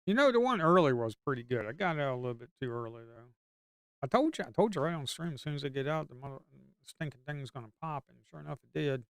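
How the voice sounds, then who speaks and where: A man giving casual live commentary as he trades, excitable and slangy, swinging from low muttering to loud hype. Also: fast talker, clear, resonant tone, no room sound, studio quality. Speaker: live-stream day trader.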